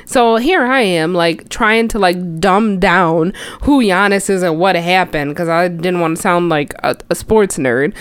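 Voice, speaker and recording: A young woman hosting a podcast, talking sports in an animated, chatty way. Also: on the low side, unhurried, hardly any pauses, smooth, dry recording. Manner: animated, chatty, exclaims often. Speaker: podcast host. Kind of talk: casual sports chat. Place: city outside Chicago.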